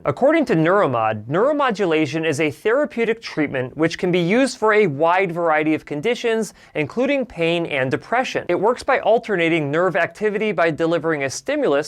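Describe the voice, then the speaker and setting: A man hosting an explainer video as an audiologist, speaking clearly and earnestly. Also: high voice. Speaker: audiologist host. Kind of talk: scripted explainer talk.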